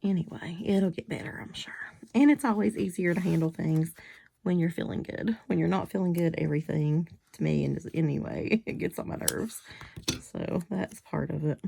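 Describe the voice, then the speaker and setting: A woman chatting casually in a crafting vlog while she makes cards, still getting over a cold. She rambles and often drops into soft, half-whispered asides. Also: on the low side, moderate pace, vocal fry, a little hiss or hum. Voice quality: whiny-sounding. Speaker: crafting vlogger making cards.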